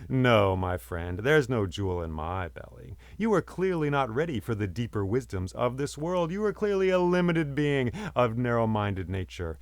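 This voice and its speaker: A man's voice: mid-range voice, big pitch swings, moderate pace, few pauses, dry recording. A man voicing a clever, chatty male songbird that teases and coaxes a human in a spoken folktale. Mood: mocking. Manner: chatty, teasing, talks the man round. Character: cheeky talking male songbird, clever trickster.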